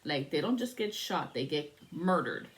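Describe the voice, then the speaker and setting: A woman's voice: low-pitched, very animated, moderate pace. Cursing, chatty woman spiritual reader. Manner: profane, laughing, chatty; invoking spirits in prayer. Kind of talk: casual spiritual reading.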